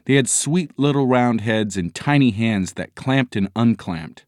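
A man narrating a children's story in a measured, expressive audiobook reading. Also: mid-range voice, no echo, clean studio sound.

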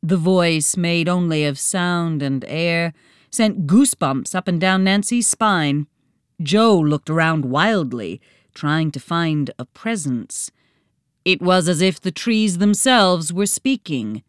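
Female storybook narrator: slow, expressive, smooth, close and dry. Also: lowish voice, no echo. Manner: slow, expressive, dramatic reading.

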